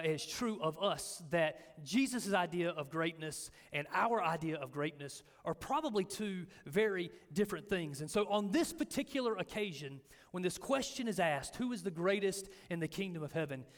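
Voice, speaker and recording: A man preaching a sermon as pastor, telling stories and acting out the quotes with lively energy. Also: high-pitched, moderate pace. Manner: animated storytelling, acting out quotes. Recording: echoey hall with long reverb.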